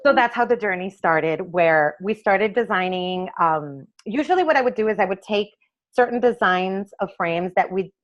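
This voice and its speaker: A woman in conversation, an eye doctor recounting her path into designing frames. She speaks at a mid pitch, brings quoted exchanges to life as she tells them, and the recording sounds a little dull and lo-fi. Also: moderate pace. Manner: animated storyteller acting out quoted dialogue. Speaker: optometrist and eyewear maker, interview guest. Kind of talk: conversational interview storytelling.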